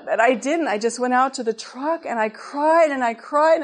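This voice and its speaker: Woman preaching a story, slightly high voice. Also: normal speed, few pauses, crowd noise. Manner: conversational, laughs through her story. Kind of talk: storytelling sermon.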